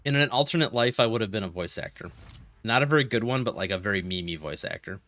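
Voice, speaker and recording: A man streaming a game, chatting casually with viewers and telling rambling, animated stories between moves. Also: on the low side, quick pace. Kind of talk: casual gaming stream chat.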